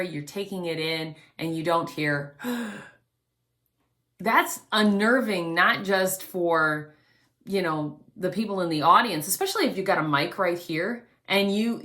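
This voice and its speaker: A woman vocal coach teaching an online singing lesson, explaining calmly and demonstrating quiet breaths. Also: lowish voice, normal speed. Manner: gently instructive, demonstrates breaths.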